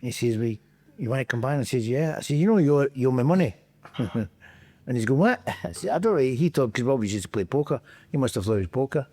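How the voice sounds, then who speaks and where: A man's voice: medium pitch, quick pace. A middle-aged man with a Scottish accent tells anecdotes in a loose, chatty way. He jumps into other people's voices and breaks into laughter as he goes. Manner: animated anecdotes, acts out quotes, laughs often. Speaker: podcast guest, former footballer. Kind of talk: casual storytelling chat.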